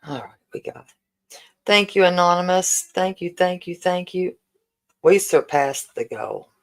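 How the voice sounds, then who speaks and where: Woman in her 40s, livestream host, slow unhurried delivery, emotional and grateful. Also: on the low side, expressive, poor audio. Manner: warm, emotional, repeatedly thanking viewers. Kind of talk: casual livestream fundraiser chat.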